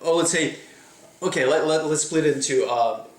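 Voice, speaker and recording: A man's voice: a little high, normal speed, far from the mic. A man whose first language is Russian, interviewing a guest in casual English and rephrasing his questions with plenty of fillers. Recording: roomy echo.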